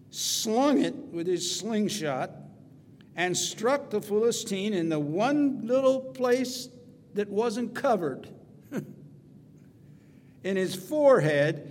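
A male preacher with a fairly high voice, preaching at an unhurried pace. He tells the story dramatically, punching some words loud and dropping into quiet asides. The voice carries a long hall reverb over a faint hum. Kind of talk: sermon.

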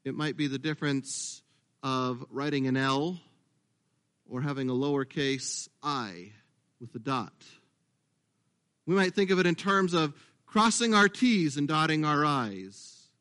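A man's voice: medium pitch, fairly bright tone. A middle-aged man preaching a sermon as pastor, talking in a conversational way with asides and self-corrections.

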